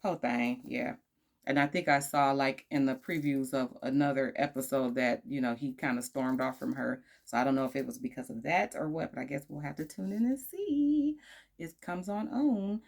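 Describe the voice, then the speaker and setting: A woman's voice: rumbling low, moderate pace, vocal fry, darkish tone. A woman casually reviewing a dating show, sassy and slangy, breaking into laughing asides, tired from recording late at night.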